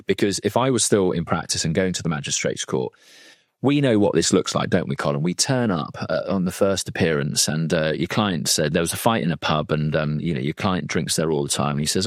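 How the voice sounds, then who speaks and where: A man's voice: a bass voice, a bit bright, no echo, clean studio sound. A man, a legal trainer and former defence lawyer, talking through a case in a chatty, digressive way with plenty of asides. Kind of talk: conversational legal training talk.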